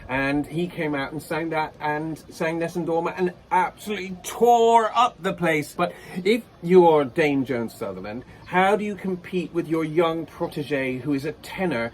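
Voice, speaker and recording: A man's voice: a little high, a little slow, few pauses, poor audio. Effusive male vocal coach. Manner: effusive and openly emotional. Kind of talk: reaction commentary.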